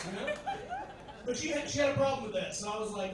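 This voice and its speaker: A man's voice: extremely high pitch, lively intonation, fast talker, heavy reverb, far from the mic, very noisy. A man from Tennessee doing a crude, brash stand-up comedy set on a club stage, talking to the crowd between punchlines.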